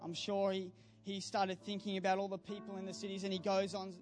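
A young man preaches as a youth pastor, his voice pitched high yet staying fairly even in its melody. He speaks earnestly and pushes toward fervent calls to action. Faint instrumental music plays quietly beneath him. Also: brisk. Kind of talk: sermon. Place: church service.

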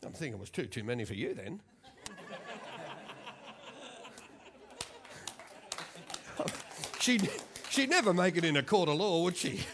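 A man in his fifties with an Australian accent preaching a sermon in a church, lively and joking, often repeating words for emphasis. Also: a little high, quick pace, few pauses, noisy background. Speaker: pastor.

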